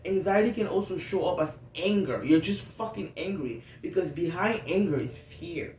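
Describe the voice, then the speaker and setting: A woman's voice: lowish voice, animated, normal speed, a little mellow. A woman talking candidly in an unscripted self-help vlog, rambling and swearing freely. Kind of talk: unscripted casual monologue. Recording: roomy, distant mic, faint noise.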